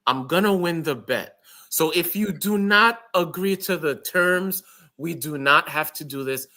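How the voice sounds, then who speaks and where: An American man co-hosting a casual wrestling podcast, teasing and doubtful, jumping up in pitch when he jokes. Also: a little slow, sharp tone. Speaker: podcast co-host. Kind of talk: casual chat.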